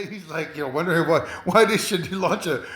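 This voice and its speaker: A man's voice: fairly high pitch, fairly quick, a bit bright. A man talking in a rambling monologue, hesitant, with many fillers, repeats and chuckles. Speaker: commentator. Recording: roomy echo.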